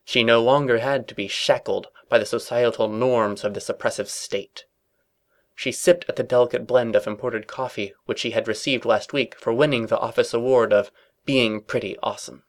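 A man's voice: mid-range voice, steady tone, moderate pace. A man narrates a comedic fan-fiction story aloud. His delivery is dry and mock-serious, giving silly lines grave weight.

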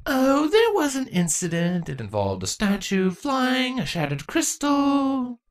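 A woman's voice: a little high, pitched above the performer's own voice. Chrysalis, a woman voicing an eager young changeling. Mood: proud. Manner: excitable, earnest, quick to gush about history and books. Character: young female changeling princess, bookish and eager.

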